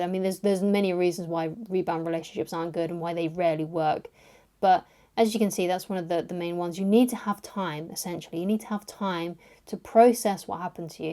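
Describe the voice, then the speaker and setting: Young woman life coach chatting to camera, mellow warm tone, keeps saying right?. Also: fairly low pitch. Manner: conversational, keeps asking "right?". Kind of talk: direct-to-camera advice talk.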